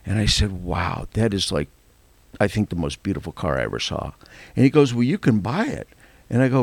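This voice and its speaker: Gravelly older man telling a story. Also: mid-range voice, brisk, dry recording. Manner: animated, laughing, acts out quoted voices. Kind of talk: casual storytelling.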